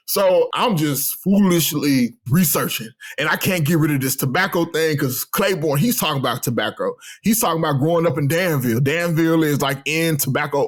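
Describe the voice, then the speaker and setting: A man, telling stories as an interview guest and acting out the lines he quotes. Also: fairly high pitch. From Texas. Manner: animated, acts out his own remarks and others' lines in quotes. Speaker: guest, postdoctoral researcher. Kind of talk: casual storytelling interview.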